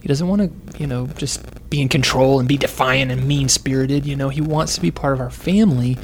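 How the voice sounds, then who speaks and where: A parent shares advice in a casual conversation, with a man telling a parenting story, acting out quotes and laughing often. His mid-range voice moves fairly quickly, recorded close to the microphone with a slight hiss or hum.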